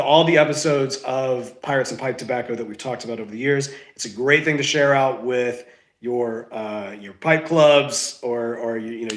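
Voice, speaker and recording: A man's voice: mid-range voice, a bit bright. A man hosting a casual solo podcast, rambling and correcting himself while he is sick and stuffed up. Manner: rambling, self-correcting, says y'all. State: sick, stuffy, lost sense of smell. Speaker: podcast host.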